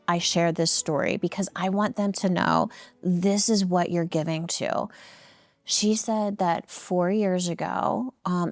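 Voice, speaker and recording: A woman telling a heartfelt story in an interview, earnest and halting, with frequent ums and restarts. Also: fairly low pitch, no echo. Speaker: nonprofit founder and guest.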